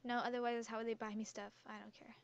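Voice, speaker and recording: Reading out quiz questions and answering them, this teen girl YouTuber talks fast with a flat delivery, though she still chats casually and giggles. Her slightly high voice, picked up by a headset mic around her neck, sounds muffled.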